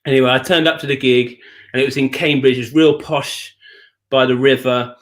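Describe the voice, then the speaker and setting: A man from England co-hosting a live music chat show, telling an anecdote in an animated way and often laughing. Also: mid-range voice, brisk. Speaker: show co-host. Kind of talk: casual storytelling chat.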